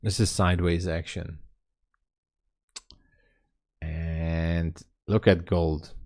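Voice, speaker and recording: Talking extremely slowly in a low, level, slightly mellow voice, a day trading livestreamer with a Hungarian accent chats casually from home. He answers viewer comments and laughs often.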